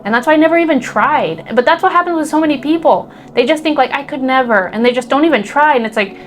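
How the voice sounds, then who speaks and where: A woman's voice: high voice, animated, fast talker, faint music behind. A woman spiritual teacher, emotional and close to tears, talking earnestly about faith and trust with many fillers and restarts. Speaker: spiritual teacher and energy healer. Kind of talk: heartfelt spiritual talk to camera.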